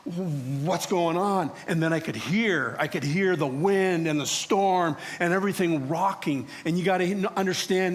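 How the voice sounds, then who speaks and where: Male pastor, first-person dramatic sermon storyteller, mid-high voice. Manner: storytelling in character as a biblical prophet, acting out quoted voices. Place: church sanctuary.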